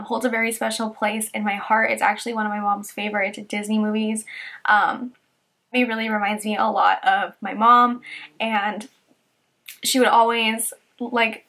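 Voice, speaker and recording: A young woman with a slightly high voice, talking casually and quickly in a makeup review vlog. Her talk is full of "like" and "um," and she turns soft and tender when speaking of her mother. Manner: chatty, with many "like" and "um" fillers. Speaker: beauty YouTuber.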